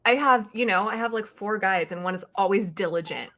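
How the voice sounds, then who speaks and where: A woman's voice: medium pitch, a little fast. A woman guest on a casual talk show, telling a story expressively and acting out what she and others said. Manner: expressive storyteller who acts out her own quotes. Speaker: psychic guest. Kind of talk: casual chat.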